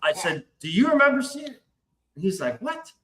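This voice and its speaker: A man's voice: high-pitched, big pitch swings, normal speed, fairly bright tone. A man hosting a podcast who tells a story in a casual, profane way and acts out the voices in his quotes. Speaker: podcast host. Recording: roomy echo.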